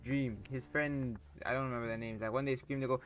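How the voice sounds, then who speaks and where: A young man commentating a football video game on a borrowed microphone, with excitable play-by-play and rambling asides. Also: mid-range voice, brisk, soft background music. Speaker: gaming YouTuber. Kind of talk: casual gameplay commentary. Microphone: borrowed cheap microphone.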